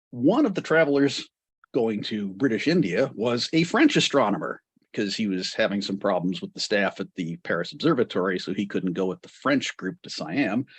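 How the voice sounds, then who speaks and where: A man's voice: lowish voice, breathy edge, dry recording. A man giving an astronomy history lecture to a club, digressive and full of wry asides.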